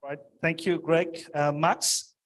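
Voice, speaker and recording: Man, conference moderator, slow, halting, filler-heavy, slightly high. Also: flat delivery, fairly bright tone, rough recording. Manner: halting, frequent ums and uhs. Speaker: panel moderator. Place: conference stage.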